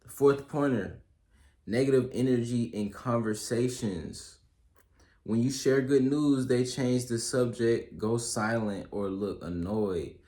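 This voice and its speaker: A man's voice: mid-range voice, slow pace, warm tone. A young man giving casual advice, working through a list of pointers in a loose, slangy style full of fillers and check-ins. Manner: loose slangy delivery, many fillers and "you feel me"; works through a list of pointers, reading some aloud. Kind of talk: casual solo advice talk. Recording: roomy echo.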